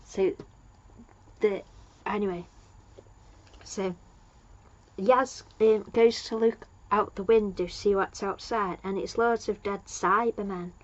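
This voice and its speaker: A woman's voice: mid-range voice, steady tone, takes it slowly, pauses often, dull audio. A woman giving a casual, rambling recap of a TV episode as a reviewer. She loses her place and fills gaps with "um" and "like".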